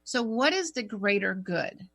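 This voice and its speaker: A woman on a talk radio show telling an emotional personal story in an earnest, animated way, often restarting her sentences. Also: medium pitch, a little slow.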